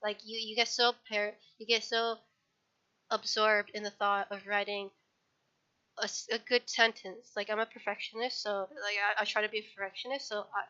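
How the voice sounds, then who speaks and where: A woman's voice: medium pitch, flat delivery, normal speed, sharp tone, clear, resonant tone. A woman talking casually on a livestream, rambling and correcting herself as she reads her old writing aloud. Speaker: streamer. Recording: dull lo-fi stream audio.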